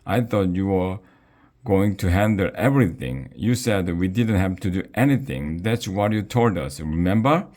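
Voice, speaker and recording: A man voicing an exasperated father who shouts and rants at a failed party. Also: low-pitched, animated, moderate pace. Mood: angry. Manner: shouting, ranting. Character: angry, exasperated dad throwing a party.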